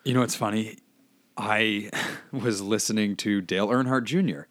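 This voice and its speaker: A man's voice: on the low side, fairly even intonation, moderate pace, fairly bright tone, dry recording. A man co-hosting a podcast, chatting casually in a joking, rambling way. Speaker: podcast co-host. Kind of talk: casual chat.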